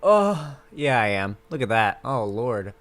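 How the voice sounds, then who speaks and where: A male streamer rambling live to his chat at a desk mic. He talks in a crude, sarcastic, offhand way at a mid pitch, jumping from joke to joke. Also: very animated, measured pace, fairly bright tone.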